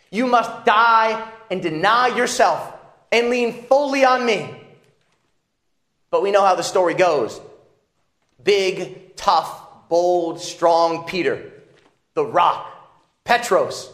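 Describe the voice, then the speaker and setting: Emphatic male preacher in an echoey room. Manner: dramatic, swings from soft and low to raised and emphatic. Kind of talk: sermon.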